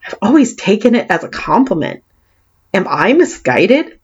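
A woman's voice: very animated, normal speed, slightly rough. A woman with a Californian accent and a faint lisp reads her own writing aloud with theatrical, self-deprecating flair. Her voice swings between mock despair and wry asides. The recording sounds slightly dull and muffled. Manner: dramatic, self-mocking, wide swings in pitch and volume. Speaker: author reading her book. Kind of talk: expressive reading of memoir prose.

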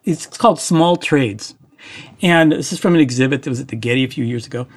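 A man's voice: mid-range voice, a little fast, slightly rough. A male interviewer asking curious, rambling questions and hosting the conversation. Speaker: interviewer, host.

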